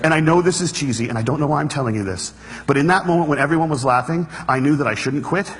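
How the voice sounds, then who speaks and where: Husky and a little high, this man tells stories in an earnest talk to an audience on stage. He keeps a quick pace and works the crowd for laughs, with reverb from the hall.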